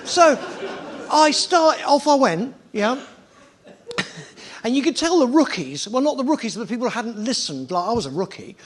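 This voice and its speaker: A man telling a story in a casual chat, animated and sweary, acting out other people's lines. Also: very high-pitched, moderate pace. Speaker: TV presenter telling stories.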